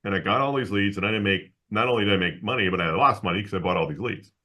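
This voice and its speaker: A man being interviewed as a guest, telling a story from his work in a lively way, with frequent laughs and restarts, and acting out the people he quotes. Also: fairly low pitch, fast talker. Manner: animated storyteller who acts out the people he quotes. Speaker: guest, insurance agency owner.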